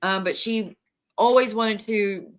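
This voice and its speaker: A woman hosting a stream, retelling gossip in a rambling, animated way with many restarts. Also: medium pitch, slow. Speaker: livestream host. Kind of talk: casual gossip chat.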